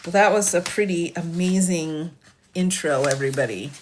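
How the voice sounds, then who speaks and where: A woman's voice: lowish voice, moderate pace, slight background noise. A woman attorney on a live stream, reading a legal filing aloud and chatting with her viewers, her voice cracking a little. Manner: reads formal text steadily, then chats warmly with viewers. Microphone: phone or desk mic for a live stream.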